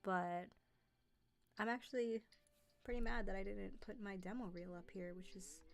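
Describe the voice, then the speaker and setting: A woman's voice: medium pitch, normal speed, creaky. A young woman chatting casually on a live stream, rambling, with many fillers and self-corrections. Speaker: streamer and narrator.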